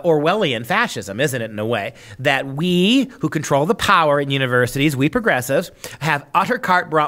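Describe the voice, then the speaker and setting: A man's voice: on the high side, a bit bright. A man hosting a podcast, delivering opinionated commentary in a sarcastic, mocking tone. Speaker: podcast host.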